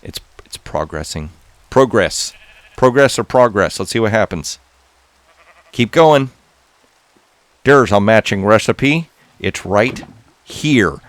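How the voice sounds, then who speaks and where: Male let's-play host, excitable and chatty, low voice that swings widely. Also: slow, pauses often, no echo. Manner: excitable, talks to viewers while playing. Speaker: gaming channel host. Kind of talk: casual gameplay commentary.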